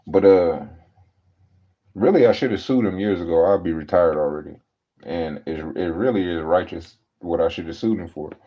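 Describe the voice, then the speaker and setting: Dude w a lowish voice going off, cussing a lot, slangy storytime rant, muffled lo-fi audio. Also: male voice, normal speed. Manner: profane, exasperated, storytelling with slang. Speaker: podcast host. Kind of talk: casual ranting monologue. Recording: dull lo-fi recording.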